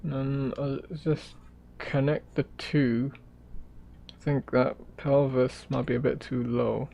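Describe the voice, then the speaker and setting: A man draws live and rambles casually, relaxed and prone to trailing off into mutters as he sketches. He speaks slowly in a level tone, his mid-range voice gravelly yet mellow.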